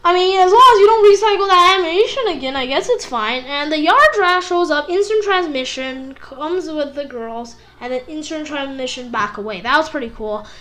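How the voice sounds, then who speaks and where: A high-pitched woman chatting through an anime episode review. She rambles in a loose, casual way and gets excitable. She throws in lots of "like"s and copies the fight sound effects. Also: normal speed, hardly any pauses.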